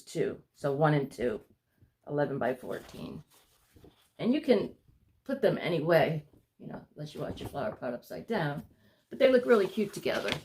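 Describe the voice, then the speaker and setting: Low-voiced lady, kinda breathless, rambling and saying sorry a lot while chatting to her viewers. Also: a little mellow, a little hiss or hum. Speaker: vlogger showing her paintings. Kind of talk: casual chat to camera.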